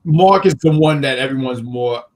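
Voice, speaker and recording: A man's voice: medium pitch, moderate pace, darkish tone. A man co-hosting a casual chat, joking and swearing with mock-outrage rants. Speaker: co-host.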